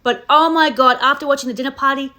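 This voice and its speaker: A woman's voice: high voice, steady tone, fast talker, sharp tone. A woman hosting a casual reaction chat about a reality show, emphatic and opinionated, often repeating herself. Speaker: reaction channel host.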